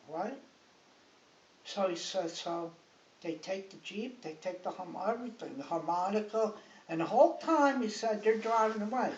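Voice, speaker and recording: An older woman, a grandmother, tells a rambling, chatty story in her living room, often checking in with her listener. Her voice is on the low side and darkish, at a moderate pace. The home recording is hissy and muffled, made from a distance in an echoey room.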